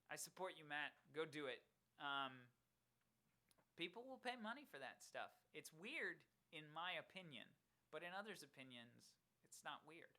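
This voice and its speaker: A co-host of a live stream, chatting casually and laughing often. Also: mid-range voice. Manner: laughs often, quick and animated.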